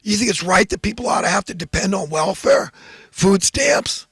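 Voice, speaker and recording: A man's voice: sits high, animated, moderate pace, fairly bright tone, breathy edge, dry recording. A man giving a rambling, fervent, preachy monologue as host. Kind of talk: impassioned political monologue.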